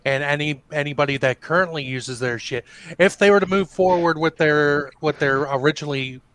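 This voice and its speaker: A man chatting casually on a stream, rambling and animated as he retells things. His voice sits a little on the high side. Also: fairly quick. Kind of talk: casual chat.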